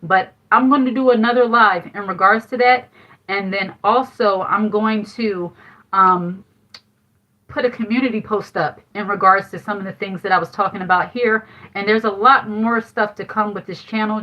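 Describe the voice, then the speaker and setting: A woman's voice: mid-range voice, steady tone, normal speed. A middle-aged woman hosting a casual advice livestream, telling a candid story in a chatty way and laughing often. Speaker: livestream host giving life advice. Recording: dull lo-fi livestream audio.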